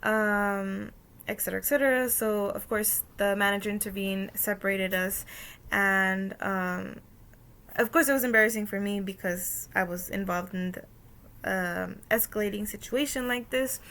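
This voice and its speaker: Gravelly-voiced woman recounting a work story. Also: mid-range voice, moderate pace, a bit bright. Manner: many "um" fillers and "like", storytelling with quoted dialogue. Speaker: student presenting a course activity. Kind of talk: casual spoken reflection.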